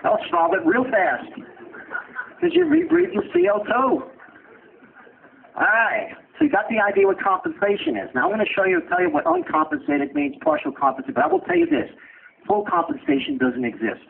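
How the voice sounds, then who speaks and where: A man teaching a medical class who asks quick questions and answers them himself, with blunt joking asides. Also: extremely high pitch, wildly swooping pitch, vocal fry. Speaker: medical lecturer. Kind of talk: lecture with questions to students. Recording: tinny lo-fi lecture recording with faint hiss.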